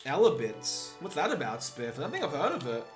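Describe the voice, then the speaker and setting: A man's voice: a little high, wildly swooping pitch, brisk. Chatty young man over game music. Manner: upbeat, chatty, reminiscing with bursts of laughter. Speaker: speedrunner streaming live. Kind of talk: casual chat with viewers while playing.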